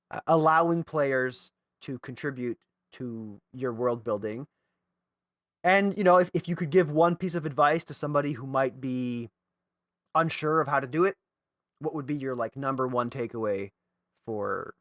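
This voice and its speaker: A man hosts a tabletop gaming podcast in a relaxed, friendly manner, laughing easily and circling back to rephrase his questions. His voice sits at an ordinary pitch and is recorded with a dry, close sound. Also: no echo. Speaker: podcast host. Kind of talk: casual podcast interview.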